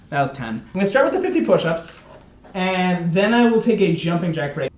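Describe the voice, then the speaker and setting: A man's voice: a little high, sing-song, normal speed, lo-fi sound. A man streaming a video game, chatting casually with his chat and joking about his exercise punishments. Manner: chatty, joking, self-mocking.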